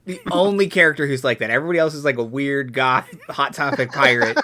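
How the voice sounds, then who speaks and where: A man's voice: medium pitch, fast, pushed and bright. A man joking and rambling through off-topic theories in casual chat with his fellow players during a tabletop game session.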